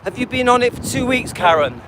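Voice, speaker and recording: A man's voice: very high voice, big pitch swings, fairly quick, background noise. A man hosting a live stream, casually answering viewers by name and often checking in with "yeah?" and "okay?". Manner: frequent restarts and repetition. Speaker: livestream host.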